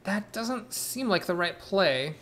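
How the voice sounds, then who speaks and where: A man's voice: high voice, animated, takes it slowly, fairly bright tone, a little hiss or hum. A young man commentating his own card game, thinking aloud, weighing plays and correcting himself as he goes. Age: young adult. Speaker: streamer playing a card game. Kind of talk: live gameplay commentary.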